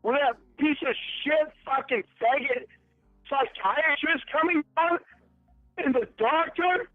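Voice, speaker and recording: Man, angry, accusing, heavy swearing, very high voice, phone-line sound, faint music behind. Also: takes it slowly, dry recording. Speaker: caller on a phone call. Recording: tinny phone line recording.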